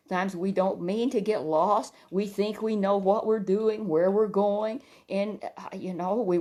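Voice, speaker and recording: A woman telling a Bible story to a child in a gentle, exclamatory way, often breaking in with soft "oh"s. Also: mid-range voice.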